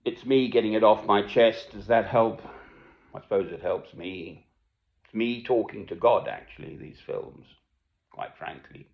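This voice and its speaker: Older man, low gravelly voice, rambling and musing to camera, recorded tinny. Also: a little slow. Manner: musing, wandering, swings between loud and hushed. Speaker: self-made video speaker. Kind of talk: rambling personal monologue. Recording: echoey room, tinny phone-like sound.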